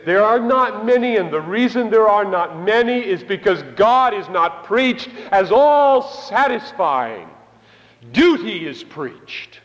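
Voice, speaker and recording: A man preaching an impassioned sermon, swinging between loud declarations and hushed asides. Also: high-pitched, lively intonation, slow pace, muffled recording. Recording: long hall reverb.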